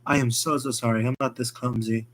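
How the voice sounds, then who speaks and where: A man voicing a shy young woman survivor who speaks softly and apologetically. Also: medium pitch, steady tone, fairly quick, close to an everyday voice. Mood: apologetic. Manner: soft, apologetic.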